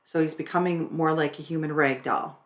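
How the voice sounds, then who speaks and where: A woman's voice: deep voice, steady tone, moderate pace. A middle-aged woman explaining her husband's care plainly in casual chat, laughing often. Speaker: wife and caregiver explaining hospice care.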